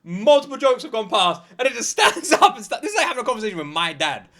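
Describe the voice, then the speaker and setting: A man's voice: very high voice, fast. A British man hosting a reaction video, joking and laughing as he comments. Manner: excitable, joking, laughs a lot.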